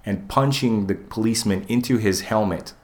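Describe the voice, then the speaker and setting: Man, deep low voice, casual podcast storyteller, swears a lot, acts out voices. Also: normal speed. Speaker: podcast co-host.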